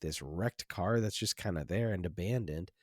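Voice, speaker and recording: A male film podcast host talks casually and reflectively, rambling with many restarts and plenty of "like"s and other fillers. His voice sits low and he speaks at a normal speed, recorded with studio quality and no room sound.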